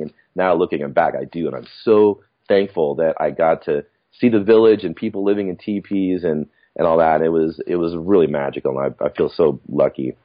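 A man's voice: rumbling low, fairly quick, hardly any pauses, highs cut off. A middle-aged man telling stories in a rambling, reflective way, with frequent restarts, as a podcast guest. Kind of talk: casual storytelling chat.

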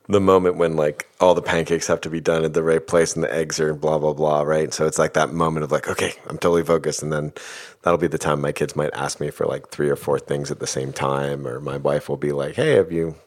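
A middle-aged man talking thoughtfully about emotions in a casual, filler-heavy way. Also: rumbling low. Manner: thoughtful, uses many fillers like "like" and "you know". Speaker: guest speaker on emotions. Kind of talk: reflective casual talk.

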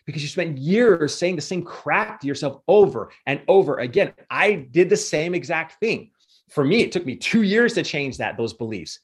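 A man's voice: fairly high pitch, big pitch swings, normal speed, breathy edge. A man giving a motivational coaching talk as a guest speaker, emphatic and repetitive in his delivery.

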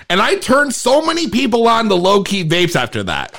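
A man hosting a casual podcast interview, excitable and loose, laughing often and swearing freely. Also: high-pitched, normal speed. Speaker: podcast host.

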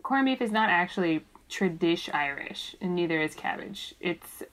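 A woman's voice: fairly low pitch, expressive, normal speed, a little hiss or hum, poor audio. A woman co-hosting a podcast, chatting casually and rambling with fillers and laughs. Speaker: podcast co-host. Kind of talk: casual chat.

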